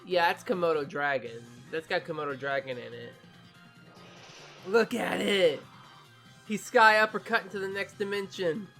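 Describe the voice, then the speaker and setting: A gaming YouTuber who just woke up gives an excitable, swearing reaction to a game trailer and stumbles over new names. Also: medium pitch, normal speed, soft background music. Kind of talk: casual reaction commentary.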